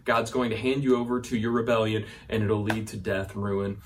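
A man's voice: on the low side, monotone, moderate pace, a little hiss or hum. A man, a pastor, preaching a sermon to viewers at home: he reads scripture, adds casual asides and ends in prayer, talking conversationally with frequent restarts. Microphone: speaking to a camera for viewers at home.

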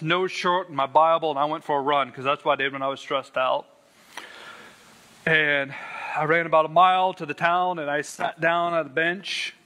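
Earnest man telling a testimony, bright. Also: fairly high pitch. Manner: earnest, emphatic, repeats key words. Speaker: Christian sharing a testimony. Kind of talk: personal testimony storytelling.

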